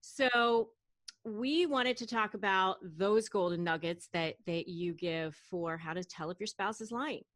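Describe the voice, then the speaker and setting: A woman's voice: mid-range voice, a little slow, fairly bright tone, no echo. A woman interview host asking questions, hesitant and full of restarts as she frames them.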